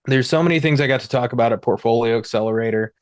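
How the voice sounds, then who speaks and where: A man's voice: mid-range voice, quick pace, no room sound, clean studio sound. Rambling man hosting a market livestream. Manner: rambling, many fillers and restarts. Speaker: host. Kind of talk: casual livestream market talk.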